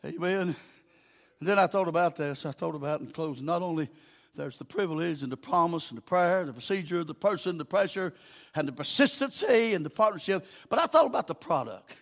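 An older man with a Southern US accent preaching a sermon in a folksy storytelling way, dropping low and quiet, then rising to shouts. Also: lively intonation, a little fast.

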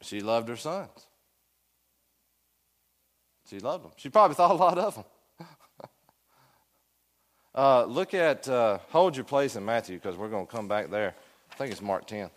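A man's voice: mid-range voice, expressive, unhurried, long pauses. A man teaching a Sunday school Bible class, asking the room questions and joking with his students in a folksy way. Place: church classroom.

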